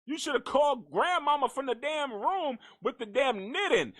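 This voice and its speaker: A high-voiced man hosts a comedic gossip show, riffing in an animated, profane way. His pitch leaps up and down as he repeats lines for effect. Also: normal speed. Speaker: host. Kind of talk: comedic celebrity gossip commentary.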